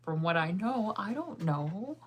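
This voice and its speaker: A woman's voice: medium pitch, very animated, measured pace, husky. A tired woman in her thirties chatting casually as a vlogger, rambling and saying "like" a lot between yawns. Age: 30s. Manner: rambling, heavy use of "like". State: tired and yawning. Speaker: vlogger reading live chat. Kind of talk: casual chat.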